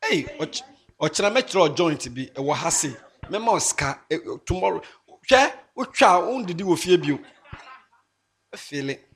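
A man giving a moral talk to students, animated and mixing English with local phrases, rising to emphatic shouts. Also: high-pitched, moderate pace, gravelly, breathy edge. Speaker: speaker addressing students. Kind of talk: moral talk to young people.

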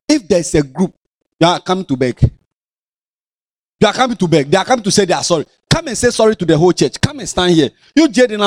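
Animated high-voiced Ghanaian pastor. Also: male voice, no room sound, studio quality. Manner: animated, scolding, playful. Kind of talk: sermon. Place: church.

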